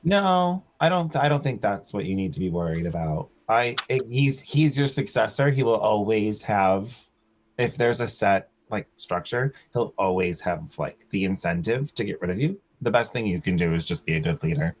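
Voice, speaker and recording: A man's voice: on the low side, expressive, moderate pace. A man playing a tabletop role-playing game, talking in character in a rambling, earnest way and often correcting himself. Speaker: player.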